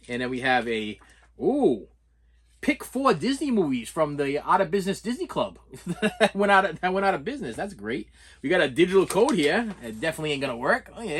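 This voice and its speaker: A middle-aged man casually telling stories while unboxing movies, animated, laughing often and stumbling over repeated words. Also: a little high, husky. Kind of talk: casual storytelling vlog.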